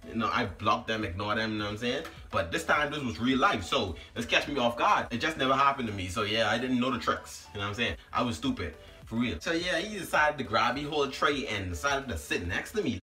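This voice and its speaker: A man casually telling a story to his vlog audience, slangy and animated, always asking "you know what I'm saying". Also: medium pitch, fairly quick, far from the mic, faint music behind.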